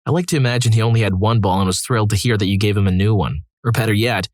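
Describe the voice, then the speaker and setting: A man's voice: fairly low pitch, very fast, few pauses, dry recording. A man narrating read-aloud stories in a scripted style, adding wry, dry asides between them. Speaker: story narrator.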